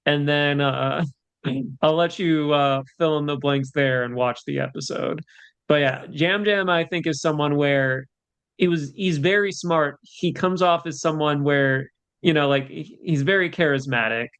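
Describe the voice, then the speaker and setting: A man's voice: fairly high pitch, a little slow, fairly bright tone, smooth. A man co-hosting a podcast in casual chat, rambling with lots of fillers. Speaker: podcast co-host.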